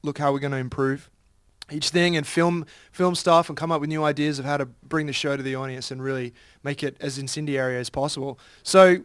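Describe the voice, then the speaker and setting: A man's voice: on the high side, steady tone, brisk, few pauses, smooth, no room sound, clean studio sound. A man in a band chatting upbeat in an interview, laughing often. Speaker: band member. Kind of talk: casual interview chat.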